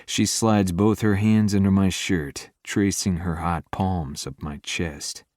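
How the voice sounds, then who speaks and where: Deep-voiced guy reading a romance audiobook, dry close mic, low and intimate. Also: steady tone, slow, darkish tone, dry recording. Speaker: audiobook narrator. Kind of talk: scripted romance narration.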